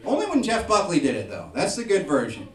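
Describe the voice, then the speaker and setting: Young male stand-up comic with a slightly high voice, self-mocking, heard from a distance in a very echoey club with the crowd reacting. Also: wildly swooping pitch, fast talker. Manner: self-deprecating storytelling, jumping to loud acted voices. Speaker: stand-up comedian. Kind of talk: stand-up comedy set. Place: comedy club with live audience. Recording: echoey club from far off, audience audible.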